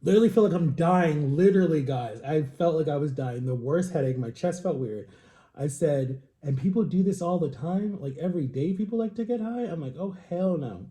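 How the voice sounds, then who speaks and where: A young man casually telling a story while tasting wine, animated, acting out quotes with jumps in pitch. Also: brisk, roomy sound. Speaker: vlogger.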